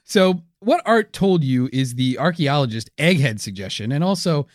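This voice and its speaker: A man co-hosting a comedy history podcast, wry and teasing as he tells the story. His voice sits a little high and moves around a lot. The recording is close and dry. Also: lively intonation, normal speed, no room sound. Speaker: podcast co-host.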